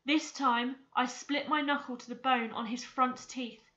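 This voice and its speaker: A woman teacher reading a novel aloud with clear, expressive storytelling. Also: high-pitched, measured pace, muffled recording. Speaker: English teacher.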